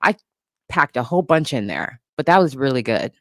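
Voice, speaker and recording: A woman's voice: extremely low pitch, sing-song, normal speed, dry recording, studio quality. A woman in her forties hosting a casual livestream chat, sassy and often laughing as she mocks critics. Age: 40s. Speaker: livestream host.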